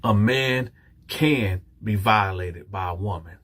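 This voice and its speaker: A low, husky male voice recounts a story straight to the audience in an easy, talkative way. He slips into the quoted lines with animated swings of pitch. The tone stays slightly rough throughout. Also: slow. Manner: animated, acts out quoted dialogue. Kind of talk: casual storytelling to viewers.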